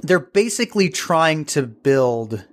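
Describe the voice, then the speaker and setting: A man's voice: a little high, big pitch swings, slow. A man as an interview guest, telling a story casually and digressively, searching for words as he goes.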